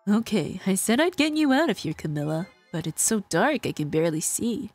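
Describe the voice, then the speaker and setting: A woman's voice: medium pitch, sing-song, brisk, a little mellow, husky, soft background music. A woman reading aloud for a determined young woman from a game, earnest and matter-of-fact.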